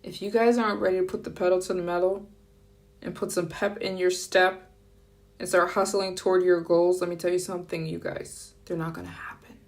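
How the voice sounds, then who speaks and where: A woman chatting casually on a live stream, upbeat and playful with quick asides. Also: on the low side, flat delivery. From United States. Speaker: travel vlogger. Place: France.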